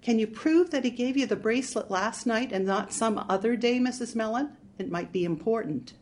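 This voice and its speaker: A wry, steady male detective, dry and matter-of-fact in his questions, as a woman narrator reads him. The audiobook voice stays close to the reader's own. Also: on the high side, moderate pace, voice pushed up, natural voice. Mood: probing. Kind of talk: audiobook reading.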